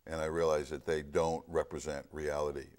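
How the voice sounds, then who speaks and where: Middle-aged man, very deep voice, earnest storyteller in casual talk. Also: flat delivery, brisk, a little mellow. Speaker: film discussion guest. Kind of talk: casual chat.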